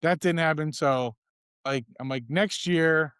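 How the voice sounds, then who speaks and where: Male podcast co-host, smooth, somewhat high voice, trails off quietly, dry sound. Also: unhurried, no room sound. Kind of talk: casual chat.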